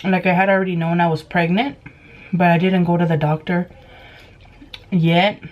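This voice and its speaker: A woman's voice: on the low side, little pitch movement, normal speed, highs cut off. A woman in her twenties, a mukbang vlogger, telling a casual story while she eats, filling her talk with "like" and acting out what people said. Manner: chatty, heavy use of "like", acts out quoted dialogue. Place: at home at a table with food.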